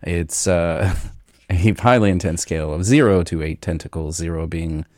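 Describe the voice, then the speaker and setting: A man hosting a podcast, talking in a relaxed, rambling way with many fillers. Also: deep voice, normal speed, dry recording, clean studio sound. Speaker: podcast host. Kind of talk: casual chat.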